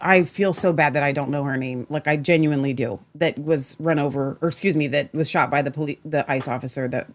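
A woman co-hosting a casual chat show, rambling and animated, sometimes dropping to a low mutter. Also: a little fast, few pauses. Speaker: co-host.

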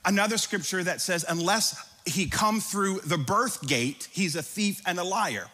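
A pastor preaching a sermon, reading scripture aloud with dramatic emphasis and breaking into conversational asides. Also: male voice, high voice, unhurried, pushed and bright. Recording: long hall reverb.

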